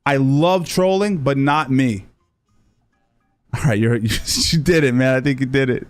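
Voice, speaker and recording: A man's voice: medium pitch, unhurried, clean tone, no echo, faint music behind. Profane, bantering male streamer. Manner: reads chat aloud, loose, profane, bantering. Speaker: streamer reacting to clips. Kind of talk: casual livestream chat.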